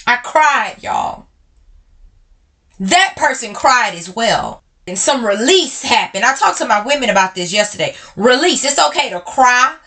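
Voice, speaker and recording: Bright-voiced woman podcaster, blunt. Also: fairly high pitch, very animated. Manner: emotional, blunt, addresses listeners as y'all; swings between slow and quick speech. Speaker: podcast host. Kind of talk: personal talk to listeners.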